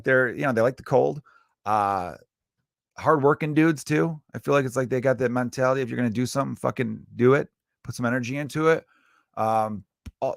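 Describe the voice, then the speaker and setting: A man's voice: lowish voice, dry recording, studio quality. A man in his thirties hosting a comedy podcast, telling rambling, profane stories in a casual rant.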